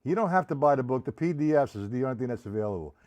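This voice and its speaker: Casual drum teacher counting beats. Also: male voice, mid-range voice, lively intonation, very fast. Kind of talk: live-streamed drum lesson. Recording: loud drum kit playing behind the voice.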